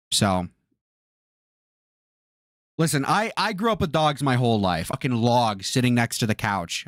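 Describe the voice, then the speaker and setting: A man's voice: medium pitch, no room sound, studio quality. A man in his twenties doing livestream commentary from his bedroom, ranting in an exasperated, profane way. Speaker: streamer. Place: bedroom with a fan blowing.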